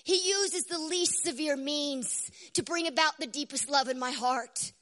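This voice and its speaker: A woman preaching a devotional sermon with a strained voice, dropping to hushed whispers and then rising to loud, fervent exclamations. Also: sits high, unhurried.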